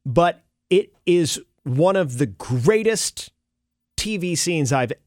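A male morning radio host in casual on-air banter, animated and enthusiastic, talking at a studio microphone. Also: on the high side, slow, no echo. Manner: animated, enthusiastic, many restarts.

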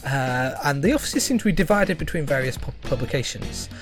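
A man's voice: a little high, expressive, a little fast, music in the background. A man narrating as game master in a tabletop game, dry and hesitant with wry asides.

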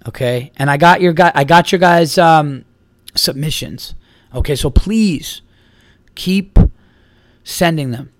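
A man's voice: on the high side, takes it slowly, pauses often, dry recording, clean studio sound. A man hosting a podcast, rambling casually through stories, swearing freely and acting out his friends' lines. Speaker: podcast host. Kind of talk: casual solo podcast chat.

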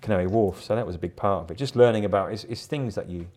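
A man's voice: fairly low pitch, quick pace, a little mellow. Chatty rambling middle-aged man. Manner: rambling, chatty, laughs often, repeats words. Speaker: guest artist. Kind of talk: casual interview chat.

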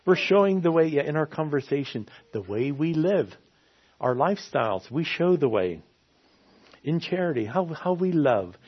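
A man's voice: a little high, sing-song, moderate pace, breathy edge. A man preaching a sermon in an earnest way, often repeating his key phrases for emphasis. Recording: slightly dull lo-fi sound.

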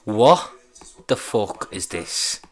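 Low-voiced man, swearing and amused. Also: moderate pace, fairly bright tone, soft background music. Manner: swearing, amused, reacting aloud while browsing. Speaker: podcast host. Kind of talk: casual solo podcast chat.

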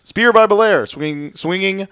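A man's voice: high-pitched, measured pace, sharp tone, clear, resonant tone, no echo. Man giving a dry recap. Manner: play-by-play recap, dry and joking. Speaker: podcast co-host recapping wrestling. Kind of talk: casual chat.

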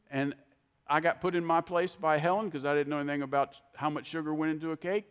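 An older man preaching a sermon, telling folksy stories in an animated, heartfelt way. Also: on the high side, quick pace, clear, resonant tone, big-room sound. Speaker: pastor.

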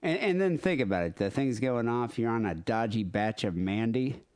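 A man co-hosting a podcast in casual chat, dry and quizzical, quick to correct terms. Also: mid-range voice, lively intonation, darkish tone, clear, resonant tone. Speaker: podcast co-host.

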